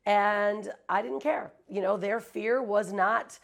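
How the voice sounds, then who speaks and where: A woman in her forties, an interview guest, telling her story in a lively conversational way and acting out the people she quotes. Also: medium pitch, slow, creaky, echoey room, rough recording. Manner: animated storyteller who acts out quoted people. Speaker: interview guest, branding agency founder.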